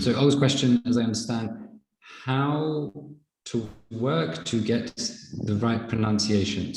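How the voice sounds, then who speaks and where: A man leads a live online pronunciation class, explaining each point at an unhurried pace. His voice sits on the low side. The call carries a roomy echo with a long tail. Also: a little mellow. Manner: measured, explanatory teaching. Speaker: pronunciation teacher. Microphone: video call. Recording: echoey room with long reverb.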